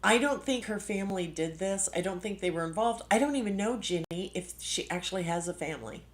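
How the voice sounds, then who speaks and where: A woman's voice: medium pitch, brisk. A middle-aged woman hosting a live stream, speaking with passionate, indignant emphasis and sudden jumps in her voice. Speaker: livestream host. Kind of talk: emotional live-stream commentary.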